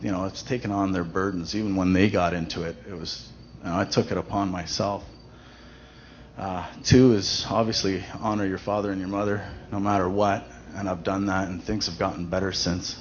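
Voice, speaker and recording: A man with a lowish voice gives a personal testimony at a church event. He talks in a loose, conversational way, full of fillers and restarts. The recording is dull and lo-fi, with a faint hiss of noise underneath. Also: level tone, a little fast.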